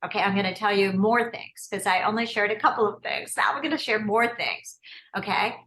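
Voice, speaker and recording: A woman coaching on a video call, talking quickly and chattily, often breaking off and restarting to encourage the people she is coaching. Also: medium pitch, steady tone, fairly bright tone, reverberant, poor audio. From United States. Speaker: business coach hosting a mastermind call.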